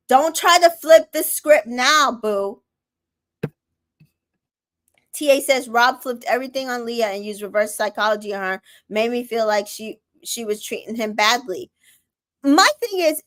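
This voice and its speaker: Sassy woman host, slow and fairly high, reading out comments and weighing in. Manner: animated, sassy and opinionated, reads out comments. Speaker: recap show host. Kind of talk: casual recap chat reading viewer comments.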